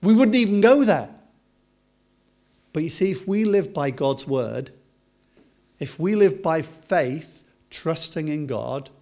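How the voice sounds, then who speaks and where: A British man preaching a sermon, swinging from loud, emphatic lines to soft, slow, drawn-out words. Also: a little high. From Britain.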